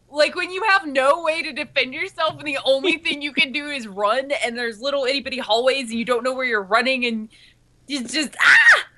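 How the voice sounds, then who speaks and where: Bright-voiced, giggly female co-host. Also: high-pitched, fairly quick. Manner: giggly, slangy. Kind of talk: casual chat on a stream show.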